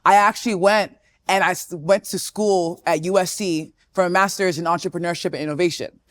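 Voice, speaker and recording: A woman in her twenties, a guest in a casual interview, telling her story with animated energy. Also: lowish voice, fairly quick, no echo. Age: 20s. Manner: animated storytelling, often acting out quotes.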